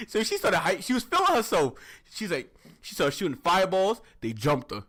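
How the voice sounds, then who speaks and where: Animated man recapping an episode. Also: high-pitched, moderate pace, hardly any pauses. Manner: animated storyteller acting out scenes with silly voices. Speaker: podcast co-host. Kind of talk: casual chat recapping an anime episode.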